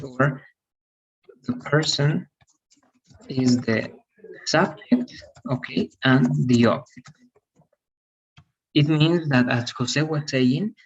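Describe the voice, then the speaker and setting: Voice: mid-range voice, breathy edge. An English teacher giving an online grammar lesson, explaining step by step and often checking if students follow. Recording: distant, dull online class audio.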